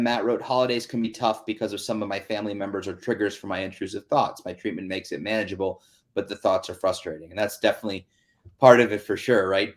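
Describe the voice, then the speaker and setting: A man hosting an online town hall, talking in an earnest, chatty way with many fillers over a video call. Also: fairly low pitch. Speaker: host.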